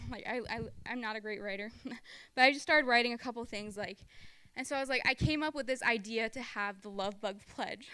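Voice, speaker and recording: A woman's voice: a little high, bright, forceful tone, smooth, dry recording. A young woman giving a church testimony about her time as a camp counselor, in a chatty storytelling style full of "like" and acted-out quotes. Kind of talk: personal testimony talk at church.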